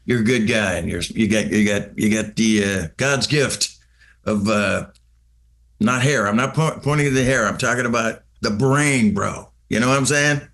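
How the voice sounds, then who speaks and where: A man's voice: on the low side, normal speed, fairly bright tone. Teasing male rock singer guest. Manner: sarcastic, teasing, playful banter. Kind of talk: casual interview chat.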